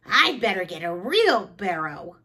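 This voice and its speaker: A woman voicing an excitable young boy frog in a storybook, loud and eager. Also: medium pitch, a little slow.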